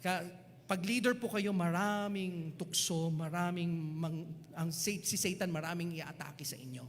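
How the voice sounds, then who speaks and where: A man's voice: sits high, normal speed. A man with a Filipino accent leading a church music workshop, mixing Tagalog and English and singing hymn lines to show how it is done. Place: church hall. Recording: echoey church hall with music.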